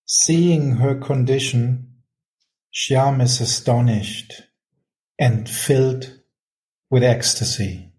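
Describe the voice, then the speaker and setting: Very slow, mellow-voiced male reader. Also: mid-range voice, steady tone, slight background noise, poor audio. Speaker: reader of scripture. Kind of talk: reading a devotional text aloud.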